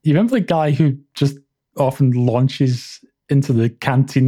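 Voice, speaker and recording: A man co-hosting a podcast in casual chat, enthusiastic and quick to laugh, often restarting his sentences. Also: mid-range voice, mellow. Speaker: podcast co-host.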